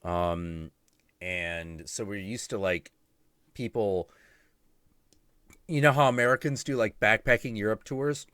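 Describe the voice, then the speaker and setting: A man hosting a livestream, telling stories in casual chat, animated and profane, often breaking into laughter. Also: on the low side, measured pace, long pauses, smooth, no room sound, clean studio sound. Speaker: livestream host.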